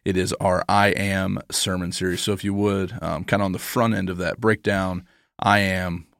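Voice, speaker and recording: Deep gravelly man, casual podcast chat. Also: little pitch movement, normal speed, a bit bright, no echo, studio quality. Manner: laid-back, joking, says "dude" and "bro". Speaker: podcast co-host, pastor.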